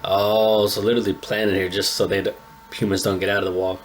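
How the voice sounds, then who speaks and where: A man's voice: lowish voice, little pitch movement, quick pace, slight background noise. A young man hosting a casual anime reaction, chatting in laid-back slang with a slightly stuffy nose. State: a little stuffy-nosed. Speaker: anime reaction channel host.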